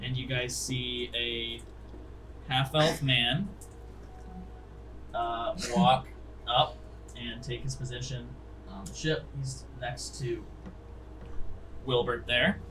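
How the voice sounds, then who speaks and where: A man's voice: mid-range voice, fairly even intonation, takes it slowly, pauses often, sharp tone, slight background noise, low-quality recording. A man narrating a tabletop game as game master, rambling along with many fillers.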